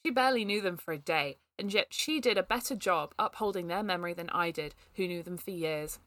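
A woman co-writer reading a shared story aloud, giggly and animated, often breaking into laughter. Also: on the low side, fairly quick, dry recording.

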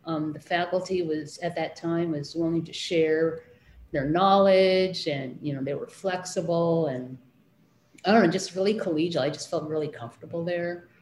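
A middle-aged woman with a low voice talks through her memories in a relaxed interview. She hesitates often, filling pauses with ums and starting over. Her voice rings in an echoey room with faint noise behind it. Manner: hesitant, many fillers and restarts. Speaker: interviewee, children's librarian. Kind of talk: casual interview recollection.

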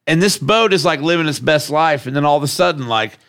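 A man hosts a loose podcast chat and clowns around, swearing freely as he acts out little scenes. His pitch swings widely from line to line. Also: fairly quick. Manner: animated joking, profane, acts out scenes. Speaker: podcast host. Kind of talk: casual chat.

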